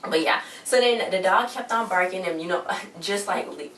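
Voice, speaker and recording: Casual slangy female vlogger, lowish voice, distant mic in an echoey room with faint hiss. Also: moderate pace. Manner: slangy, rambling, animated retelling. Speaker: TV episode recap vlogger. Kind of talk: casual chatty recap.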